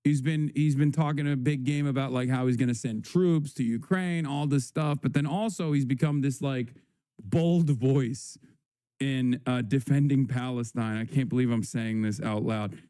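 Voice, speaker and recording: Sarcastic male streamer, warm and dry. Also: medium pitch, clear, resonant tone, dry recording. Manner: rambling, sarcastic, crude, quick asides. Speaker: livestream host. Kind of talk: casual news commentary.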